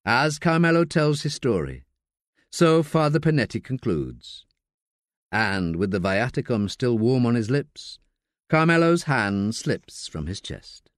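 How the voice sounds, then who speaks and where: A man narrating a crime novel audiobook, with expressive storytelling, at a studio mic. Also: medium pitch, unhurried, dry recording. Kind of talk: scripted narration.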